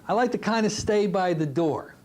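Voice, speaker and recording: A middle-aged man teaching a recorded hypnotherapy lesson, telling stories from his practice in a lively way. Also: high-pitched, moderate pace, slight background noise. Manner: animated storytelling, drops to a soft hypnotic voice when demonstrating. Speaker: hypnotherapy instructor. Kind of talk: recorded training lecture.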